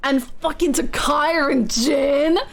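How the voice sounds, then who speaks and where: A woman's voice: high voice, takes it slowly, gravelly, soft background music. A woman live-streaming, chatting casually with her viewers, gushing and swearing freely. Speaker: game streamer.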